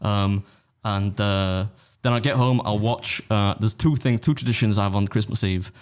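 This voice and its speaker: A man's voice: fairly low pitch, moderate pace. Teasing man hosting a podcast. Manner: teasing, laughs often, rambling. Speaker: podcast host. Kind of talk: casual banter.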